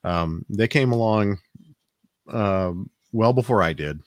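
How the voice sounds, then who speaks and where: A man's voice: fairly low pitch, lively intonation, slow, no room sound, studio quality. A man from the American South with a Southern accent, telling a rambling family story in casual chat, with frequent restarts. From Alabama, US South.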